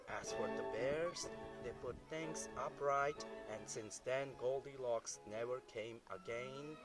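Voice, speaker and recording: A man reading a children's fairy tale aloud, slow and animated, voicing the bears' lines. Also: medium pitch. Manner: slow, animated storytelling with voiced bear lines. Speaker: storybook reader. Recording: distant mic with soft music.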